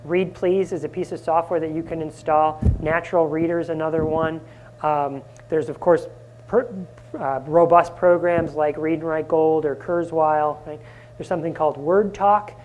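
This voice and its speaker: A man presenting a live conference workshop, energetic and often asking the audience questions. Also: a little high, normal speed, a little hiss or hum. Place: conference room.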